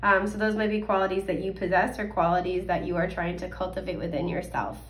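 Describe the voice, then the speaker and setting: A woman's voice: on the low side, steady tone, quick pace. Chatty young woman with a scratchy voice. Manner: chatty, many fillers and little laughs. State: scratchy voice, coughing. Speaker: tarot card reader. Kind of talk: casual pick-a-card reading.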